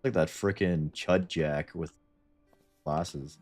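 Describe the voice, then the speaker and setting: A man's voice: very deep voice, steady tone, slow pace, a little mellow, soft background music. A Canadian man with a Canadian accent, streaming and chatting casually over a game, laughing often and swearing when startled. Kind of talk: casual gameplay commentary.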